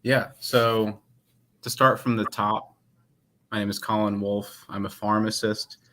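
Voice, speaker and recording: A man who works as a pharmacist and company head, giving measured, explanatory answers in a casual interview. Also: lowish voice, flat delivery, pushed and bright, a little hiss or hum.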